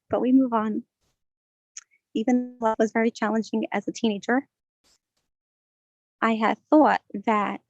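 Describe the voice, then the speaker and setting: Woman speaker, heartfelt testimony, higher voice, dry lo-fi recording. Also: no room sound. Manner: earnest, heartfelt storytelling. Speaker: speaker at a women's prayer gathering. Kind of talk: personal testimony talk. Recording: dull lo-fi sound.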